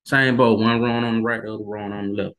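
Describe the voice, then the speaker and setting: A man's voice: lowish voice, little pitch movement, quick pace, a bit bright. Emphatic man ranting about football. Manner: emphatic, repetitive, colloquial, rising to heated emphasis. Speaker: sports commentary vlogger. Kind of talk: casual sports opinion monologue.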